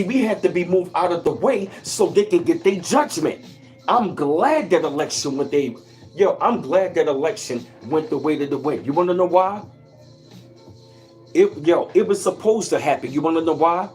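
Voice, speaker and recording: A man's voice: high voice, darkish tone. Fiery, preachy man ranting on a livestream. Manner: fiery, preachy, repetitive, profane. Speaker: livestream host.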